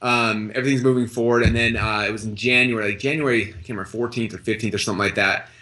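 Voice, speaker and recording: A man speaking quickly as an interview guest, his voice sitting at a medium pitch. He tells his story casually and animatedly, acting out the quoted lines of other people as he goes, with lots of "like" and "I'm like" fillers. The delivery is rapid and conversational. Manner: animated, acts out quoted dialogue in his stories.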